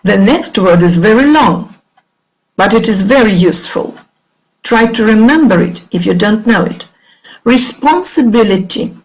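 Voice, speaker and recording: Her pitch is medium and her intonation lively as this middle-aged woman, Russian-accented, teaches English online. She speaks clearly and goes through words slowly, waiting for the pupils to say them back, all captured in a rough recording.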